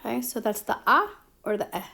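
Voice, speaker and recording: A woman's voice: a little high, lively intonation, creaky, bright, forceful tone. A woman explaining a grammar lesson as a teacher, patient and checking in with her students as she goes. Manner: slow, patient, checks in with "okay?" and "right?". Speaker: Spanish teacher.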